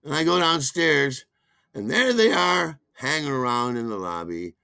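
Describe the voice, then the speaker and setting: A man's voice: medium pitch, animated, measured pace, creaky, sharp tone, no room sound, clean studio sound. A man hosting a podcast, telling a rambling, self-deprecating personal story full of asides. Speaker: podcast host.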